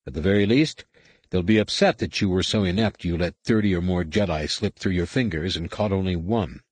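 A man's voice: deep voice, a little fast, a little mellow, husky, no echo. A man voicing a stern, commanding teenage male Jedi who speaks in a firm, clipped way.

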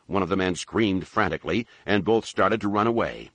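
A man narrating an audiobook in a lively, expressive storytelling manner. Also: sits low, moderate pace, few pauses, no echo.

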